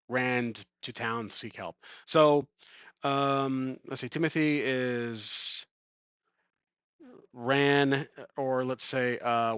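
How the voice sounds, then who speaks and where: A man's voice: medium pitch, fairly bright tone, clear, resonant tone, no echo. A man playing a tabletop game alone, making it up as he goes and thinking aloud with many ums. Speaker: solo tabletop game player. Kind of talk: improvised game narration. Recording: dull lo-fi sound.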